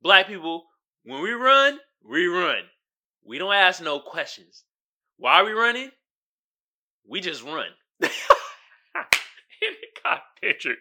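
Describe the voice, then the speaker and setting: With a high-pitched, sharp tone, a man hosts his own podcast, offering casual, slangy commentary and often asking "you feel me."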